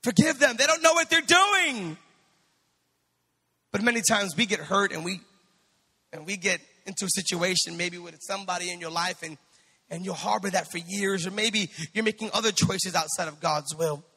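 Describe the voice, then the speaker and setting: Male pastor, high bright voice, fervent sermon delivery, long church reverb. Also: fairly quick, breathy edge. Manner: preaching with rising fervor, swinging from soft to shouted.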